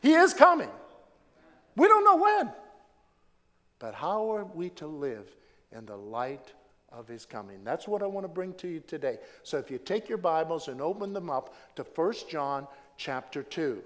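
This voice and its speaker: A man preaching a sermon as pastor, swinging from loud emphatic declarations to hushed low phrases, with repeated phrases and a measured delivery. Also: big pitch swings. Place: church sanctuary. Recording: long hall reverb.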